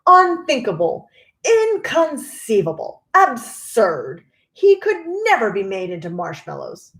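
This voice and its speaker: Lady doing an eccentric candy man, theatrical and breezy, bouncy voice, unhurried. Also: mid-range voice, sing-song, roomy sound. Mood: whimsical. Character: eccentric giggling male chocolate maker, grown man.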